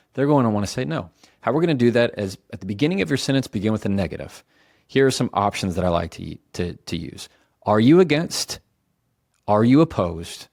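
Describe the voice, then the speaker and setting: Low-voiced man coaching in a dry room. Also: dry recording. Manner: conversational, self-correcting, slows down for emphasis. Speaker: communication coach. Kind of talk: casual instructional talk.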